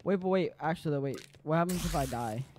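A man's voice: a little high, a little fast, a little mellow. A young man streaming a game live, tired and rambling as he chats with viewers while playing. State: sleepy. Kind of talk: casual live-stream chat. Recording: faint background noise.

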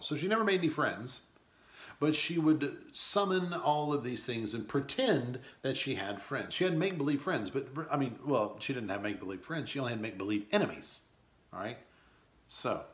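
A man reads passages from a novel aloud in a mid-range voice, then breaks off into casual, filler-heavy commentary like a teacher. The room gives his voice a noticeable echo. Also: medium pitch. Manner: casual asides between the readings, many fillers. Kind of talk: reading a novel aloud and discussing it. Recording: roomy echo.

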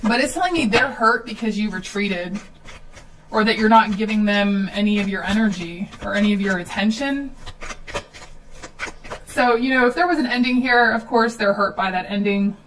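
A woman's voice: medium pitch, moderate pace, fairly bright tone, recorded from a distance, a little hiss or hum, low-quality recording. A woman giving a casual tarot reading at home, chatty, with filler ums and nervous laughs. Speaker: tarot reader.

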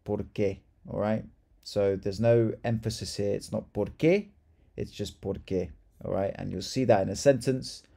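A man's voice: fairly low pitch, fairly even intonation, moderate pace, creaky, warm tone. A man hosting a casual video lesson, chatty and upbeat as he explains Spanish grammar. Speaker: Spanish teacher.

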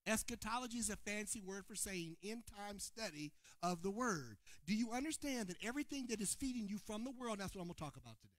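A preacher man delivers a sermon to a live congregation, his voice bright and cutting. He calls out to the room and trades loud shouted points for low, quiet asides. The sound is close and dry. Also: expressive, fast, hardly any pauses, no echo. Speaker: pastor. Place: church sanctuary before a congregation.

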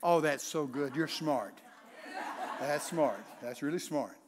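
Older man, folksy preacher, joking stories, fairly high voice. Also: expressive, slow pace, a crowd in the background. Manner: loud, laughing, acts out voices in stories. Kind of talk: humorous folksy sermon with stories.

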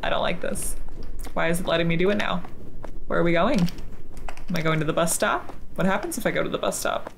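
A woman hosting a gaming channel, reacting nervously out loud and talking to the characters as she plays. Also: on the low side, fairly quick, vocal fry, pauses often, slight background noise. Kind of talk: let's play commentary. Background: game music.

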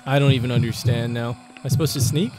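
A man's voice: mid-range voice, steady tone, fast talker, noisy background. A young man commentating a let's play of a horror game, jumping between panicky yelps and joking asides. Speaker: gaming YouTuber.

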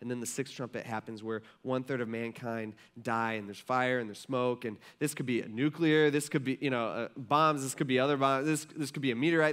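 A man preaching a sermon in a relaxed, rambling way, full of fillers and shifts between loud emphasis and quiet asides. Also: mid-range voice. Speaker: pastor. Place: church sanctuary.

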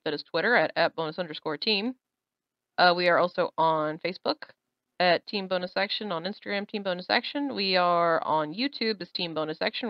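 A woman co-hosting a casual podcast, reading out social links in a brisk, matter-of-fact way. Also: on the low side, clear, resonant tone, no room sound, muffled recording. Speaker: podcast co-host.

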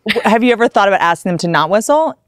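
A woman's voice: mid-range voice, animated, racing, clear, resonant tone, dry recording, studio quality. A woman in her thirties hosting a podcast, chatting casually with blunt, crude jokes. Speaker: podcast host. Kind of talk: casual chat and read ad.

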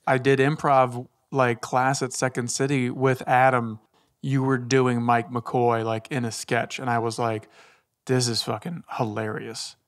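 A man co-hosting a podcast, chatting casually and chiming in with quick asides. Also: mid-range voice, level tone, no room sound, clean studio sound. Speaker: podcast co-host. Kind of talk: casual chat.

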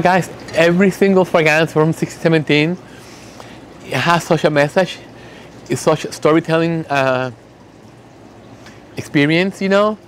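Man, slightly raised pitch, emotional casual candle-making talk, faint background hum. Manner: emotional, reads fragrance notes aloud slowly. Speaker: candle maker.

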